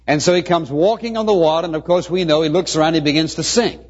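Male pastor, sermon, slightly high husky voice, earnest stretched emphasis. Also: fast talker. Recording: muffled lo-fi sermon recording.

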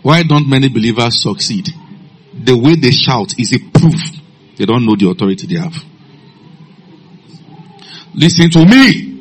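A man preaching a sermon, telling stories in a low calm voice and breaking into loud shouted commands. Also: fairly quick, slight background noise.

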